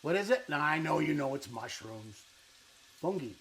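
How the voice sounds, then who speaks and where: A man's voice: on the high side, expressive, normal speed, a bit bright, a little hiss or hum. Guy hosting a cooking show in his kitchen, playful and chatty, tosses in italian words. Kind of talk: casual cooking demonstration. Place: kitchen with island and stovetop.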